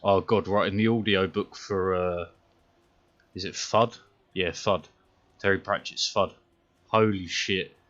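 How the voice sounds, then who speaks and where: Sweary British streamer, low-voiced. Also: male voice, steady tone, measured pace, long pauses, fairly bright tone, highs cut off. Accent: British English. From Britain. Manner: sweary, self-mocking, chatty. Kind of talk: casual gameplay commentary.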